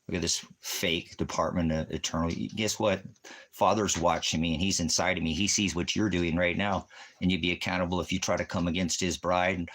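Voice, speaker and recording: Deep voiced guy preaching on a stream, yelling at commenters, swears a lot, real combative. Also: little pitch movement, fairly quick. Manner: combative, mocking, profane ranting at chat commenters. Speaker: livestream preacher. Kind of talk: rambling livestream commentary.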